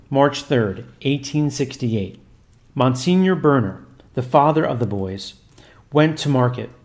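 Male storyteller, formal and steady reading; mid-range voice. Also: mid-range voice. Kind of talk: scripted narration of a religious history.

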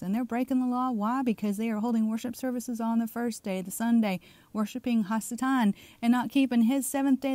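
A woman's voice: on the high side, steady tone, brisk, mellow, no room sound. Fired-up Southern woman preaching. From Southern United States. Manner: emphatic, keeps asking "okay?"; fired up and insistent. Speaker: online preacher. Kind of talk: fiery religious commentary video.

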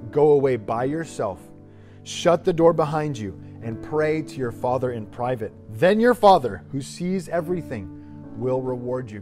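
A man's voice: mid-range voice, a little mellow. A man in his thirties preaching a sermon as a youth pastor, emphatic with rising bursts of energy.

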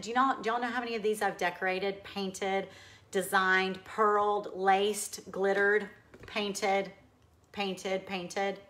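Casting: upbeat Texan woman, bright voice, hosting a live furniture-painting how-to and chatting with viewers. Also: mid-range voice, rough recording. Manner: chatty and upbeat, talks while working. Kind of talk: live DIY demonstration, reading viewer comments.

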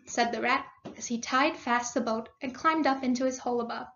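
A woman's voice: a little high, brisk, a bit bright, dull audio, slight background noise. A woman teacher reading a story aloud to her class, stopping to explain words and what happens. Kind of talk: read-aloud lesson.

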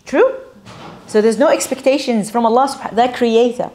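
Animated Australian woman preaching. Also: on the high side, moderate pace, a little hiss or hum. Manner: conversational, animated, asks the audience questions. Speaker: religious teacher. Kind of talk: sermon to women's gathering.

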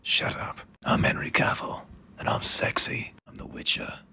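A man doing a whispered role-play impression of a gruff, cursing monster-hunter hero, his throat gravelly with phlegm. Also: moderate pace, bright, forceful tone. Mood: gruff deadpan.

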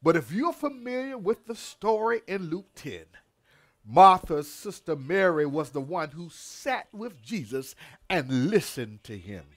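A man's voice: a little high, very animated, unhurried. A man pastor delivering a devotional sermon, repeating words and calling out hallelujahs in a preacher's cadence.

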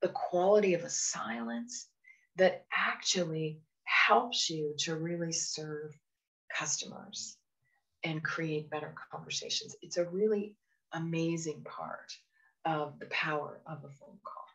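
A woman's voice: deep voice, a little slow, a bit bright, low-quality recording. A woman from Canada who trains people on phone calls, speaking to a webinar audience in an earnest, encouraging way and often adding "you know". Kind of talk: webinar presentation.

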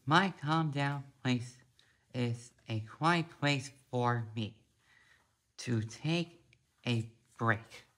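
A man reading a children's picture book aloud, slowly and haltingly, a few words at a time. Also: mid-range voice, fairly bright tone. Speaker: storybook reader.

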